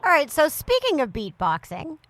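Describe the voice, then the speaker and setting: A woman co-hosting a podcast with a high, very lively voice. She has a bright, sharp tone and sounds playful and teasing. The recording is close and dry. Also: normal speed, no room sound. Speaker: podcast co-host. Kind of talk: casual interview.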